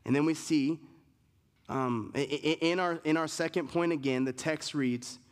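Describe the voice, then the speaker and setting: A man's voice: fairly high pitch, unhurried. A male pastor preaching an emphatic sermon, building points through repeated lists and restarts. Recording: long reverb of a large hall.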